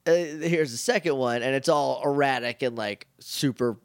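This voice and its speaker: This podcast co-host has a clear, resonant mid-range voice and speaks at normal speed. Recapping a TV show in casual chat, he jokes around and animatedly performs the characters' lines. The studio sound is clean and echo-free.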